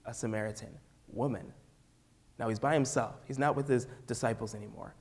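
A man's voice: mid-range voice, fairly even intonation, a little fast, a little mellow, husky. A man with a Midwestern American accent, a youth pastor preaching a sermon and telling the story with acted-out voices.

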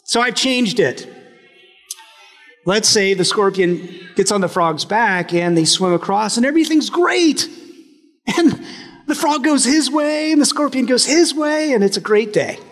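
A male pastor giving a sermon in a relaxed, joking way, often restarting his phrases. His voice sits high for a man. The church adds a long, trailing reverb. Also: unhurried. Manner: conversational and humorous, with frequent restarts. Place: church sanctuary.

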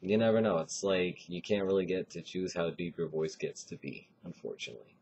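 A man talking casually in a vlog, giving advice in a relaxed, rambling way with lots of fillers. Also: deep voice, fairly quick, highs cut off, a little hiss or hum.

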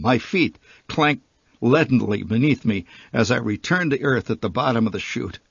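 A man tells his own comic story with a wry, vivid delivery. His voice is a bit husky and recorded close and dry. The old archival sound is dull and muffled. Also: mid-range voice, a bit bright, no room sound. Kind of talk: reading his own humorous short story.

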